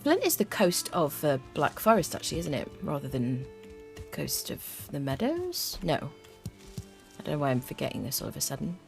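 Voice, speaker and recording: Female streamer in her twenties, talkative and hummy, lively delivery, faint music underneath. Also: sits low, normal speed, vocal fry. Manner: chatty, reads chat aloud, hums little tunes. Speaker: game streamer. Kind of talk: live-stream gameplay commentary.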